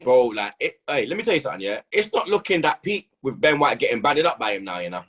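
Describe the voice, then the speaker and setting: A young man, a football pundit who talks in loud, animated street slang and keeps saying "blood" and "you understand". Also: medium pitch, quick pace. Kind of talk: casual football banter.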